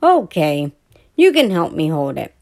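A woman's voice: deep voice, wildly swooping pitch, a little slow, a little mellow, full character voice. A woman voicing a proud but kind young boy bear cub in a storybook reading, speaking earnestly and patiently.

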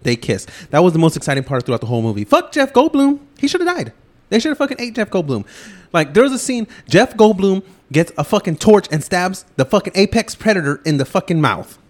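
Podcast host, man, fast profane movie rant, higher-pitched voice. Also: big pitch swings. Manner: loud, swearing, rapid ranting.

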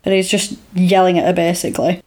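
A woman's voice: on the low side, quick pace. Woman animatedly retelling a story. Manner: animated retelling, acting out lines with laughs. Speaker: podcast co-host recapping a film. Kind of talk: casual chat.

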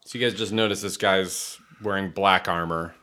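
A man narrating a tabletop game as dungeon master, halting often with ums and restarts. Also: low voice, fairly even intonation, pushed and bright. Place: home room with friends around mics.

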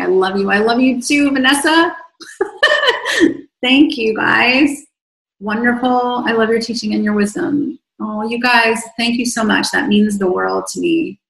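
A woman coaching viewers on a livestream, reading their comments aloud and answering at length. Her voice is gravelly with vocal fry and is wearing thin after talking for a long time. The sound carries the echo of the room around her. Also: a little high. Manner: effusive, rambling, warm toward viewers. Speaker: online coach.

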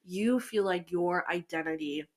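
A woman's voice: on the low side, a little slow, darkish tone. A woman in her twenties hosting a casual podcast chat, giggly and eager to explain, often restarting her sentences. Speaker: podcast host.

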